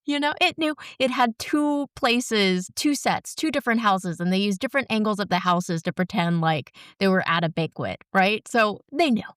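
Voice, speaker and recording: Woman, thirties, smooth clear voice, dry close mic, animated chat. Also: medium pitch, normal speed, few pauses, dry recording. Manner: candid, animated, chatty. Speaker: podcast co-host. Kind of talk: casual chat.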